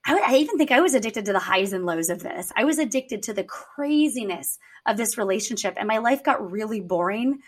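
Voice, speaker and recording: A woman's voice: mid-range voice, animated, a little fast, hardly any pauses. A woman speaking candidly in a podcast conversation, telling personal stories in an earnest way. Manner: earnest, storytelling, acts out quotes.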